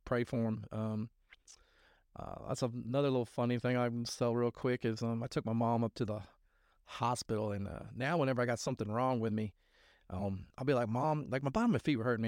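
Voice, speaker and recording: A man's voice: medium pitch, fairly even intonation, fast, darkish tone, no room sound, clean studio sound. A man hosting a faith podcast, talking in a rambling, earnest way, with many restarts and trailing thoughts. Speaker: podcast host. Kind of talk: casual faith podcast talk.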